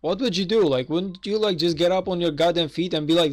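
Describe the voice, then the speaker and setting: A man streams a strategy game, talking in loose, exasperated rants packed with fillers and the odd curse. His voice sits a little high for a man. Faint music plays behind him. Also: fast talker, few pauses, a little mellow. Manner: exasperated, rambling, swears, many fillers. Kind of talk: casual gameplay commentary.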